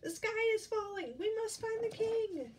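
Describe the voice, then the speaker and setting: A woman's voice: extremely high pitch, expressive, measured pace, a little hiss or hum, voice pushed up. A woman voicing a panicky little male chick in a read-aloud storybook, squealing and frantic.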